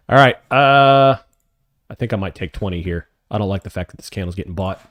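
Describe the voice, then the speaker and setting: Excitable man calling live trades. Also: sits low, moderate pace, dry recording. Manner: excitable, cheering on trades, reading chat questions. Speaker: options trading livestream host. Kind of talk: live trading commentary to chat.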